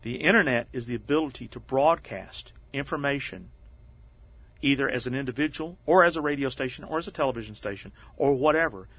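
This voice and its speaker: Middle-aged male guest, animated storyteller, bright tone, dry close sound. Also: mid-range voice, brisk, dry recording. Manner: animated, acts out quoted voices. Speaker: interview guest. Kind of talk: conversational storytelling.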